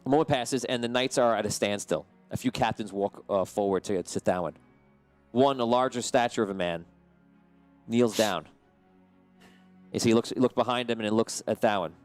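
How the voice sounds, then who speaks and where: A man's voice: fairly low pitch, moderate pace, soft background music. A man narrating as game master of a tabletop game, describing the action casually with frequent fillers and restarts.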